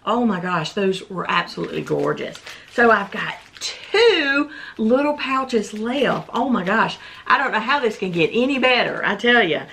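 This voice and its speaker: A woman hosting her own channel, unboxing collectible pins in a haul video, gushing and exclaiming with excitement. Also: medium pitch, moderate pace, vocal fry, few pauses, slight background noise. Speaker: channel host.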